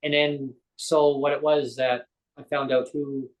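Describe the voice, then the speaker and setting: A man's voice: medium pitch, flat delivery, measured pace, poor audio. A man, a guest on a live interview show, tells a personal story in a rambling way, often correcting himself and acting out quoted dialogue.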